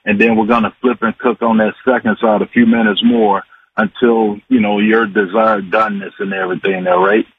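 Man in his forties, rambling folksy call-in chat, phone-line sound, low-pitched. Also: level tone, a little fast. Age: 40s. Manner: folksy, rambling, many fillers. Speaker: regular guest, sports and recipe commentator. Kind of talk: casual radio chat. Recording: tinny phone line with faint hiss.

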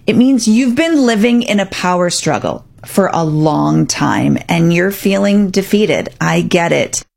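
A woman's voice: on the low side, animated, measured pace, vocal fry, a little mellow. A middle-aged woman, a parenting coach, giving earnest, reassuring advice straight to the listener and acting out what parents and kids say.

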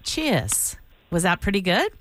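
A woman's voice: mid-range voice, big pitch swings, a little slow, a bit bright, no echo. Playful woman hosting morning radio. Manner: playful, giggly, trying out phrases. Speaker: radio morning show host. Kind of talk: casual radio chat.

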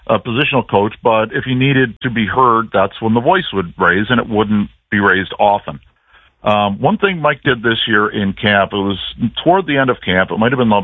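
A man's voice: medium pitch, dry recording. Man talking over a tinny phone line. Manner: chatty storyteller with fillers and restarts. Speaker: play-by-play broadcaster, phone guest. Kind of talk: casual radio chat.

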